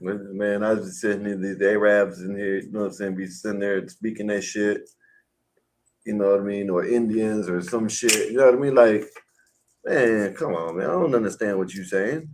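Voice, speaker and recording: A man's voice: on the low side, moderate pace, poor audio. A man on a live panel, talking bluntly and heatedly, full of rhetorical questions. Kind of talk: casual live panel chat.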